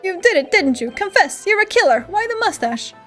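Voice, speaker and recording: A woman's voice: very high voice, big pitch swings, a little fast, fairly bright tone, faint music behind, pitched above the performer's own voice, heavily acted. A woman doing a wailing, melodramatic young male student. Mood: indignant. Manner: wailing, theatrical, stammering outbursts. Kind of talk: reading game dialogue aloud.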